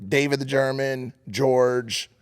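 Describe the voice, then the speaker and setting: A man co-hosting a podcast, telling a story in casual chat, animated and profane. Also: medium pitch, takes it slowly, clean tone. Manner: animated, profane, acts out quotes loudly. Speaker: podcast co-host.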